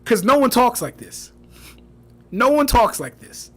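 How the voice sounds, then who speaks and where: A man's voice: extremely high pitch, sing-song, measured pace, fairly bright tone. A young man giving casual livestream commentary, mocking and exasperated, swearing, repeating himself and laughing often. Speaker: streamer reviewing fan debates.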